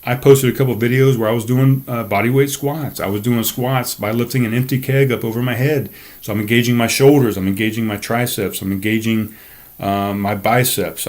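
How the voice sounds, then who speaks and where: Seated at his desk, a podcast host with a lowish, darkish voice speaks at a normal speed in a steady tone. His casual solo episode is a fired-up, profanity-laced rant into a desk microphone.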